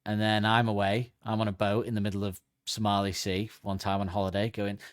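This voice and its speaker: A man's voice: lowish voice, level tone, brisk, clear, resonant tone, no echo, studio quality. A man, co-hosting a comedy podcast in casual chat and slipping into silly voices. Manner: joking, slips into silly put-on voices. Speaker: podcast co-host.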